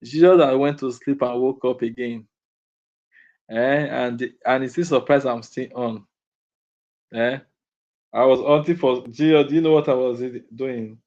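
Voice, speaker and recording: A man's voice: medium pitch, steady tone, measured pace, pauses often, darkish tone. A man live streaming and chatting casually with his viewers, teasing and chuckling, repeating lines as he reads comments, sounding sleepy. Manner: laid-back, teasing, chuckles often, repeats himself. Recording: slightly dull lo-fi audio.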